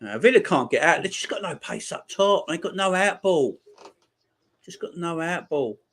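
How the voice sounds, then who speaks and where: Speaking expressively at a normal speed, a watchalong host provides casual commentary on a live football match and banters with viewer comments. Any chance on the pitch gets a loud reaction.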